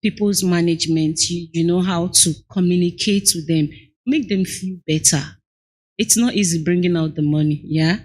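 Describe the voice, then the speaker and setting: A woman with a Nigerian accent speaks in a husky, slightly breathy voice that sits on the lower side. She talks earnestly and candidly in a relaxed interview. She is a young adult. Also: normal speed. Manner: candid and earnest, acts out clients' lines. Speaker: guest entrepreneur. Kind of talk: conversational interview.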